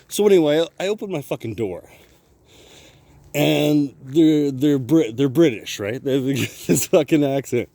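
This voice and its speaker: A man's voice: fairly high pitch, lively intonation, measured pace, warm tone, no room sound. A man vlogging a rambling personal story, swearing constantly, laughing often and restarting his sentences.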